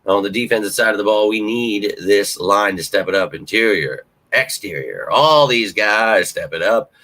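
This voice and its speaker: A man hosting a casual live-stream sports talk show. He speaks to his viewers directly, thinks out loud and swears often. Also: lowish voice, expressive, moderate pace, rough recording. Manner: restarts and fillers, thinks aloud.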